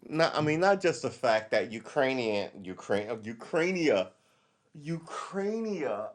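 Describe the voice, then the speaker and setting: A man's voice: mid-range voice, very animated, moderate pace. A man hosting a live stream, rambling through casual commentary, correcting himself and reading the chat aloud.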